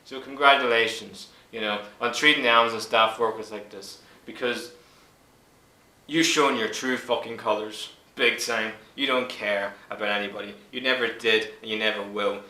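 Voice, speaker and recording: A man's voice: lowish voice, fairly even intonation, moderate pace, bright, forceful tone. A man in his twenties ranting angrily to camera, swearing hard and stressing his words. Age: 20s. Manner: furious, swearing, emphatic. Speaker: YouTuber. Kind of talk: angry vlog rant. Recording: echoey room.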